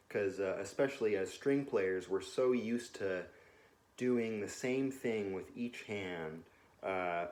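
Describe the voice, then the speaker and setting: A young man with a fairly low voice teaches a music lesson from a couch at home. He talks in a relaxed, unhurried way, full of ums and uhs, and counts beats out loud as he explains. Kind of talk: casual instructional talk. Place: home living room, on a couch.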